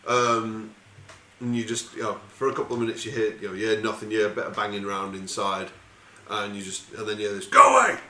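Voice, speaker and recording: Low-voiced game master, rambling. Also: male voice, level tone, fast, pushed and bright. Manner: rambling, casual, swearing freely. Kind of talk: narrating a tabletop game. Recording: echoey room with faint noise.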